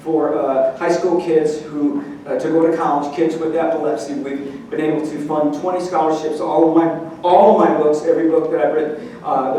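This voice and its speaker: Middle-aged guy giving a motivational talk, storytelling, mellow voice, really echoey hall, kinda far off mic. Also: a little high, a little hiss or hum. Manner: storytelling, animated and earnest. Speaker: keynote speaker. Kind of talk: motivational speech. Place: large meeting hall.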